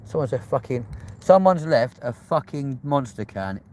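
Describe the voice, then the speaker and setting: A young man hosts a casual vlog, filming on a handheld phone while he drives and then walks around a large indoor supermarket. His medium-pitched voice is very animated and darkish in tone, at a normal speed, and he's blunt and sweary with muttered asides. There's slight background noise.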